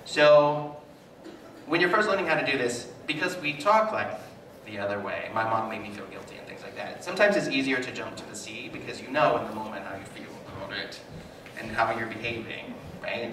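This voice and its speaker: A man speaks as a psychotherapist to a live audience, mixing lecture points with animated, self-mocking stories. He sits at a middle pitch for a man. He is picked up from some distance in a reverberant hall with audible background noise. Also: a little fast. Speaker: psychotherapist giving a talk. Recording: echoey hall, mic at a distance, noisy.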